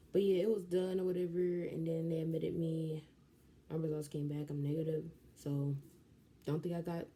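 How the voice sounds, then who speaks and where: A young woman, telling a story in a casual vlog, animated and slangy. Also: low-pitched, slight background noise. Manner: animated, slangy, jumps into quoted voices. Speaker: vlogger.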